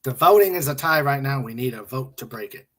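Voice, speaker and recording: A man's voice: mid-range voice, animated, fairly quick, fairly bright tone. A man hosting a casual stream, reading memes and jokes aloud, chuckling and muttering to himself. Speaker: livestream host.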